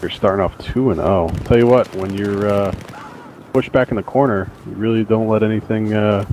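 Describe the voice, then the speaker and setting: A man's voice: lowish voice, normal speed, a little mellow, slight background noise. A man doing live esports color commentary with laid-back, dry banter.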